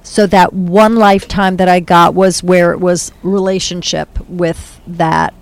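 Animated woman giving a psychic reading. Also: lowish voice, unhurried. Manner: animated, laughing, puts on playful voices. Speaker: psychic reader. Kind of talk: casual spiritual reading.

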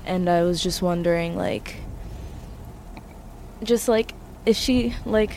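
A woman's voice: fairly low pitch, takes it slowly, creaky, a little mellow. A woman client asking about her cat, hesitant and full of fillers. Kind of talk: casual chat.

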